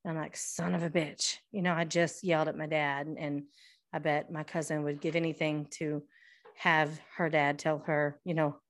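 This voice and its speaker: A middle-aged woman co-hosting a podcast tells an animated story in casual conversation, swearing freely and often restarting her sentences. Her voice sits low, and she speaks at a normal speed.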